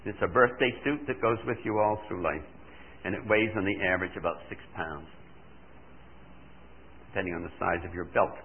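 An older man preaching a sermon, animated and full of rhetorical questions, playing out his listeners' answers himself. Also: low-pitched, normal speed, long pauses, slight background noise. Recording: tinny phone-like recording.

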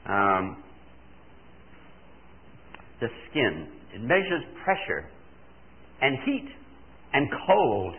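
An older man preaching a sermon, animated and full of rhetorical questions, playing out his listeners' answers himself. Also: mid-range voice, very slow, pauses often. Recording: tinny phone-like recording.

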